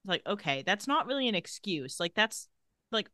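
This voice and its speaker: Woman, podcast co-host, bright forceful tone, close dry sound, sardonic, swears casually. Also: mid-range voice, big pitch swings, normal speed, dry recording. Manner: candid, sardonic, swears freely. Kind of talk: casual chat recapping a TV episode.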